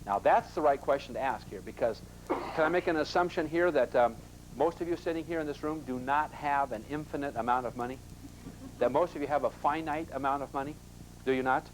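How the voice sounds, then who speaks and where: A man's voice: mid-range voice, fairly quick, slight background noise, poor audio. A man teaching a live investment seminar in a classroom, emphatic and constantly asking the audience rhetorical questions.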